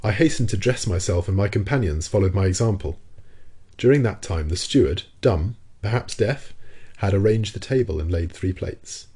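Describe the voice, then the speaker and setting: A man narrating a classic novel as an audiobook, in a steady, measured storytelling manner. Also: low-pitched, breathy edge.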